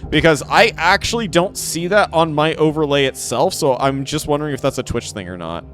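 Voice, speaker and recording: A man's voice: fairly high pitch, expressive, brisk, fairly bright tone, soft background music. A man giving casual live gameplay commentary, playful and rambling, repeating phrases and talking to his chat. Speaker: game streamer.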